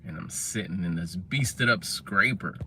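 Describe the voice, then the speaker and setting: A man's voice: low-pitched, measured pace, sharp tone, a little hiss or hum. A man livestreaming from his car in a casual, chatty way, swearing freely and answering comments from his chat. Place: parked car.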